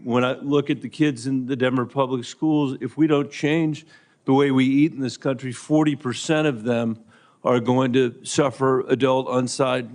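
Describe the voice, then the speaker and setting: A man's voice: mid-range voice, level tone, normal speed, darkish tone. A man, a senator, questioning a nominee at a hearing in a pointed, insistent yes-or-no manner.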